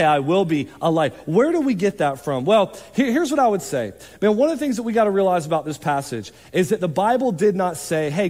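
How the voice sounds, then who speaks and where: A man preaching a sermon as pastor, in a conversational, animated way with quick asides. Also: fairly high pitch. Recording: long hall reverb.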